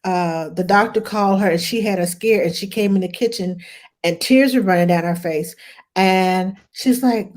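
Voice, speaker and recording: Woman, career nanny, casual chat, animated storyteller, acts out quoted voices, laughs often. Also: mid-range voice, moderate pace.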